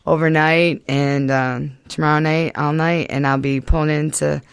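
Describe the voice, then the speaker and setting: A chatty woman from Michigan talks easily as a podcast guest, scattering fillers and laughing often. Her voice has a gravelly fry at the edges, and the sound is close and dry with no room around it. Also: deep voice, flat delivery, normal speed, no room sound. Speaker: guest in early recovery. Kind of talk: casual podcast chat.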